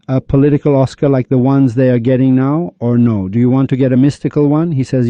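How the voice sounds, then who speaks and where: A man preaches in a very dark, mellow voice, firing question after question at his listeners and scolding them. The recording is dull and lo-fi, with a dry, close sound. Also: medium pitch, fairly even intonation, fast talker, few pauses, no echo. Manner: fires rhetorical questions, scolding. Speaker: religious speaker. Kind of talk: impassioned religious lecture.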